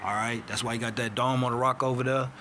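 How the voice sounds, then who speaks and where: A man giving an informal lesson at an everyday pitch, checking in every few phrases with "all right?" and "man." He reads passages aloud, then breaks off to ask a question and answer it himself. There is a faint hum of noise behind him. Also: steady tone, fast, pushed and bright. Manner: peppers talk with "all right?", "man" and "see that?"; street-casual grammar. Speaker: self-styled teacher. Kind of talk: informal teaching, reading documents aloud.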